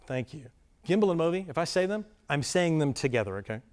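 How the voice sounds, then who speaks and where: A man's voice: fairly high pitch, fast. Rambling man giving a workshop talk. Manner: rambling, self-deprecating, animated. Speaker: workshop presenter. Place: conference room before a live audience.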